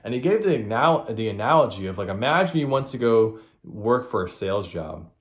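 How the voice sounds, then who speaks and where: A man's voice: on the low side, very animated, fairly quick, roomy sound. A man hosting a solo motivational podcast, blunt and profane, hammering his point home by repeating it. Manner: blunt, profane and repetitive for emphasis. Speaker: podcast host.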